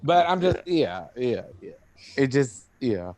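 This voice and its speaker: A man's voice: mid-range voice, sing-song, takes it slowly, darkish tone. A man in casual late-night chat with friends, rambling and often restarting his sentences. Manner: rambling, repeats and restarts a lot.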